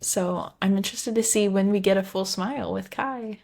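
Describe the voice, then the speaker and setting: A woman's voice: mid-range voice, normal speed, gravelly, darkish tone. A young woman co-hosting a casual book podcast, chatty and rambling, sometimes tripping over her words. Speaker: podcast co-host. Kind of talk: casual book-discussion chat.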